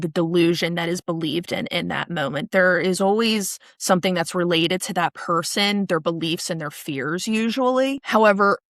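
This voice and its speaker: A woman co-hosting a podcast, explaining things in a calm, measured, clinical way in casual conversation. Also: lowish voice, no room sound, studio quality.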